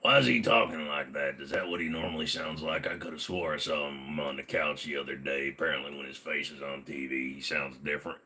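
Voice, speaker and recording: A man putting on a gruff, slow, low and muffled voice as a joke on a livestream. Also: sharp tone, heavily acted. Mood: brooding. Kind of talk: joking put-on voice on a livestream.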